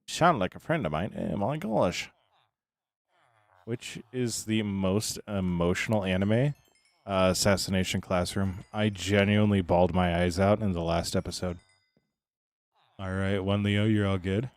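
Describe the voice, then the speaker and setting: Deep-voiced tired male streamer, dry sound. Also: normal speed, dry recording. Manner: relaxed, chatty, greets chat by name. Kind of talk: casual live-stream chat.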